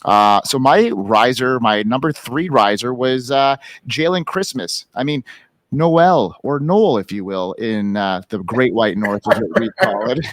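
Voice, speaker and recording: A man co-hosting a casual football podcast, relaxed and chatty, with lots of filler words. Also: medium pitch, a little slow. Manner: relaxed, many fillers like you know and uh. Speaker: fantasy football co-host.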